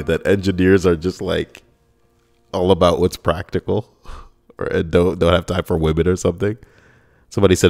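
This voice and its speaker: A man reading jokes in a casual comic style, deadpan and sardonic, swearing at times. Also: low voice, normal speed, gravelly, pauses often. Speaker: comedy YouTuber reading jokes.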